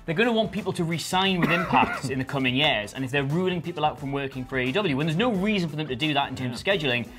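A man with a slightly high voice hosts wrestling news in a chatty, joking way, often laughing. Faint music plays underneath. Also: lively intonation, fast, few pauses. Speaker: news show co-host. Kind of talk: casual chat.

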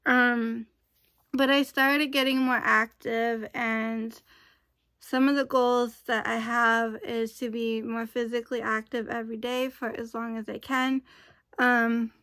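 Chatty woman vlogger, higher voice. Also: little pitch movement, takes it slowly, sharp tone, no echo. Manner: rambling and talkative, with frequent asides. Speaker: YouTube vlogger. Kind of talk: casual chatty vlog.

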